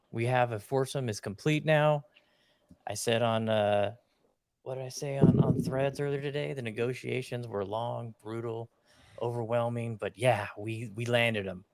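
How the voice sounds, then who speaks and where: A man's voice: medium pitch, dry recording. A man hosting a podcast in a casual, jokey chat, laughing along easily. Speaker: podcast host.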